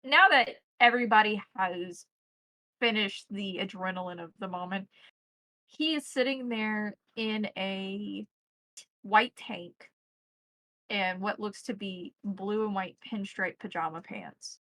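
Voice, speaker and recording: Woman game master, bright clear tone, dry close sound, easygoing scene narration. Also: mid-range voice, takes it slowly, no room sound, rough recording.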